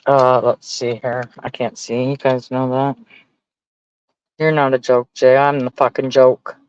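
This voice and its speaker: A man's voice: medium pitch, flat delivery, unhurried, clear, resonant tone, no room sound, lo-fi sound. A man venting casually to his stream viewers, profane and exasperated as he rants. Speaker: livestreamer talking to chat.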